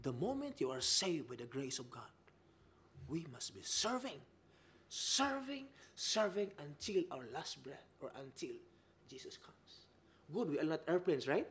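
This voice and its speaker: Animated high-voiced male preacher. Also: measured pace, slight background noise. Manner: emphatic, rhetorical questions, swings between loud and soft. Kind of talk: sermon.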